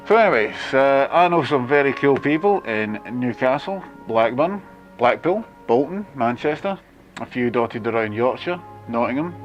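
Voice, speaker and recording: A Scottish man in his forties, talking to camera in a wry, chatty monologue full of jokey asides. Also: mid-range voice. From Scotland. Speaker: video blogger. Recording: muffled lo-fi with faint music.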